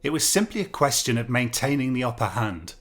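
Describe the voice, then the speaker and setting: A man's voice: mid-range voice, very animated, fairly quick, fairly bright tone. A man voicing an anxious, pompous male schoolteacher held prisoner, pleading in an earnest, prim way in a story reading. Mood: defensive.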